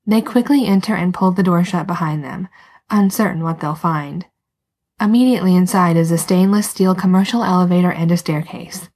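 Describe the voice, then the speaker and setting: A woman reading a story aloud as narrator, soft and unhurried, sometimes dropping to a whisper. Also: lowish voice, breathy edge. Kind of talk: scripted narration.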